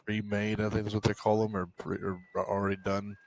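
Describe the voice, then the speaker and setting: Relaxed low-voiced man in role-play chat. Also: fairly quick. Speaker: streamer playing a western role-play game.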